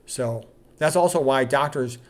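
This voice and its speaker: A man's voice: medium pitch, unhurried. A middle-aged man, a doctor, reading quotes aloud and commenting on them in a candid, casual way with plenty of fillers.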